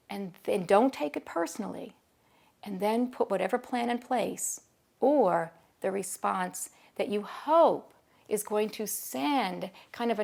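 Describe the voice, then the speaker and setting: A woman's voice: medium pitch, gravelly, darkish tone. A middle-aged woman, a school behavior consultant, explains classroom self-regulation in a conversational teaching video and acts out dialogue from her anecdotes. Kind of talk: talking-head teaching video.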